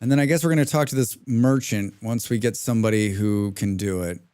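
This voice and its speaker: A man's voice: fairly low pitch, fairly quick, darkish tone, smooth. A man streaming a colony game live, chatting casually and ranting to his viewers while he plays. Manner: chatty, ranting, reads out chat names.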